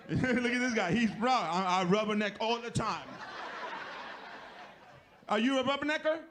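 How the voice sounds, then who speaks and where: A man from the Bronx doing a loud, punchy stand-up set on a comedy club stage. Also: high voice, a little slow. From the Bronx, New York.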